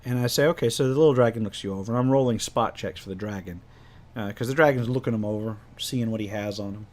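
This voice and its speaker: A man's voice: fairly low pitch, fast, a little mellow. A man recounting a tabletop game he ran as game master, rambling with many restarts. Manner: rambling, self-correcting, lots of restarts. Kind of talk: casual storytelling about a tabletop game.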